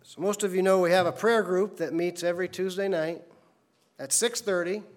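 A male pastor delivering a sermon with a slightly higher-than-usual voice. He speaks earnestly and tells anecdotes, acting out the people in them. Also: steady tone, moderate pace. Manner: earnest storytelling preacher, voices characters in anecdotes.

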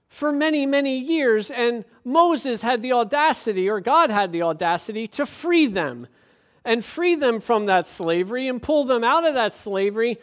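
High-voiced pastor preaching emphatically. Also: male voice, fairly bright tone. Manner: emphatic, conversational, asks rhetorical questions. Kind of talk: sermon.

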